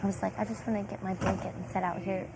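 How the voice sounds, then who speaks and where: Medium-pitched and gravelly, this young reality show contestant talks fast as she gossips, acting out what others said with plenty of filler "like." She's indoors in the house, and the room feed is noisy.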